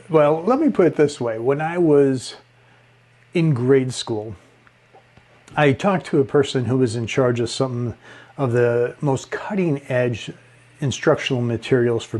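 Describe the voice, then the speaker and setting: A male speaking coach gives a lesson at an unhurried, deliberate pace. He is expressive, swinging his pitch and loudness to show each point, and breaks into small chuckles. His voice sits at an ordinary male pitch with a relaxing tone. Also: breathy edge. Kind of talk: instructional talk on speaking.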